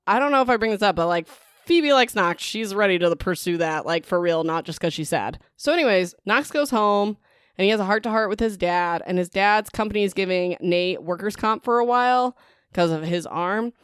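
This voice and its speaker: A young woman hosting a book podcast, recapping chapters in a chatty, excitable way, full of "like" and "whatever" asides. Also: mid-range voice, a little fast, smooth, no echo, clean studio sound.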